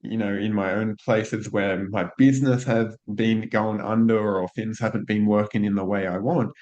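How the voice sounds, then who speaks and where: A man's voice: lowish voice, steady tone, normal speed, darkish tone. A man hosting a podcast, reflecting aloud and building on his guest's points. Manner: reflective, thinks aloud with restarts and fillers. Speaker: podcast host. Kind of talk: casual interview talk. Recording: dull lo-fi audio.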